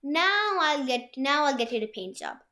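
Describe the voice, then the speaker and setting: A young woman hosting a software tutorial from a room at home, talking it through in a rambling way with many restarts. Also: high-pitched, big pitch swings, moderate pace. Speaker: tutorial host. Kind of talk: screen-share software tutorial.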